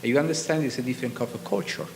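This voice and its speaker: A middle-aged Italian man with an Italian accent, giving an informal artist talk to an audience. He speaks haltingly, restarts often and keeps asking "okay?". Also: mid-range voice, a little mellow. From Italy. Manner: halting, full of restarts and repeated "okay?" checks. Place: lecture hall. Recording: distant hall reverb with faint background noise.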